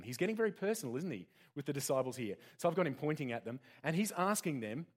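A man's voice: medium pitch, very animated, quick pace, hardly any pauses. A man preaching an interactive sermon in a church, joking and putting questions to the congregation. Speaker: pastor.

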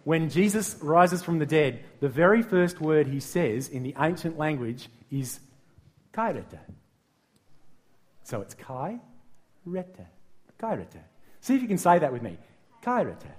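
A middle-aged man with an Australian accent delivers a sermon, his voice sitting a little high. He is playful and animated, asking the congregation questions and getting them to repeat words back to him. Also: moderate pace. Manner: lively, playful, addresses the congregation directly. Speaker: pastor.

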